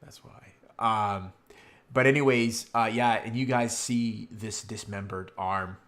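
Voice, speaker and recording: A man narrating as game master over an online call, describing scenes haltingly with many pauses and fillers. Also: on the low side, fairly even intonation, fairly bright tone.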